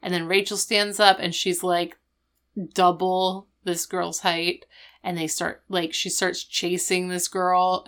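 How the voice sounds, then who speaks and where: A young woman with a low, smooth, clear voice recaps a TV episode in casual chat. She retells the plot in quick, animated bursts, filled with "like" and "um". She slips into the characters' voices as she goes. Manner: animated storytelling, acting out the characters' lines; chatty, with many fillers like "like" and "um". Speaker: podcast co-host.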